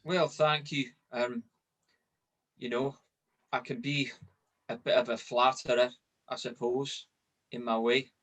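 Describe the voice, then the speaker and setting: A man's voice: medium pitch, flat delivery, slow pace, long pauses, a bit bright. A man playing a tabletop game in character, dry and playful. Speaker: player. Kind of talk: in-character tabletop role-play.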